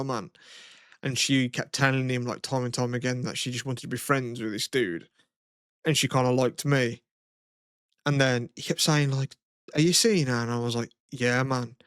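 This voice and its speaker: A man's voice: mid-range voice, fairly bright tone, clean tone, no echo, studio quality. A young man co-hosting a podcast in casual chat, rambling and swearing, often laughing. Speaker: podcast co-host.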